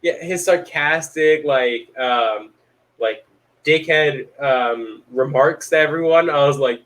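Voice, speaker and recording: A man co-hosting a casual fan podcast, rambling with lots of fillers and getting excited. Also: on the high side, slow, poor audio. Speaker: podcast co-host.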